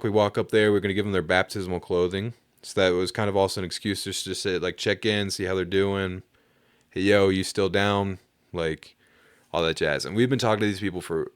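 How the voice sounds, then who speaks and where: A young man tells a story in a relaxed, rambling way, leaning on fillers and dropping the odd swear word. His voice sits on the low side and sounds smooth and resonant. The recording is close and dry. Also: dry recording. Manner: laid-back, rambling, heavy on "like" fillers, casual swearing. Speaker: podcast storyteller. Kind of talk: casual storytelling.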